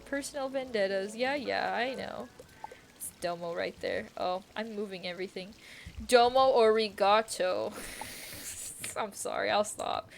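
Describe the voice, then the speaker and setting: A woman's voice: medium pitch, creaky, fairly bright tone. A young woman streaming a game, chatting casually, giggling often, with slang and swearing. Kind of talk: casual chat while gaming.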